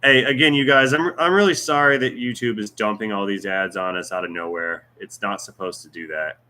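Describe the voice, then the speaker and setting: A man's voice: on the low side, a little fast, bright, forceful tone. A man hosting a casual livestream Q&A, reading viewer comments aloud with jokes, teasing and rambling asides. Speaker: YouTube channel host.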